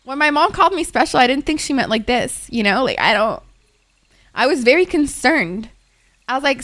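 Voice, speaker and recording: Young woman streamer, higher voice, rambling animated storyteller. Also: moderate pace. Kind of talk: casual chat while gaming.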